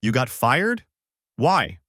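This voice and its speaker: A man's voice: mid-range voice, big pitch swings, slow pace, no room sound, clean studio sound, full character voice. A man voicing a tense young woman who urgently reports what she sees, in an audiobook. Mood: feigned confusion. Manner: urgent, hushed play-by-play. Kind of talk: audiobook character voice.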